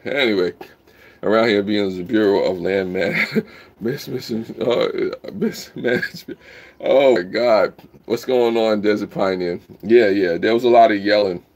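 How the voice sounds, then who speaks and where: A man hosting a casual live stream, rambling while he reads the chat aloud and bursts into loud whoops. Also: on the low side, unhurried.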